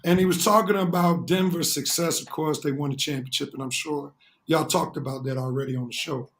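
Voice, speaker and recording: High-voiced man explaining sports. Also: fairly even intonation, a little fast, fairly bright tone. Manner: earnest, explains points at length with restarts. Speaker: co-host. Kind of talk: casual sports talk.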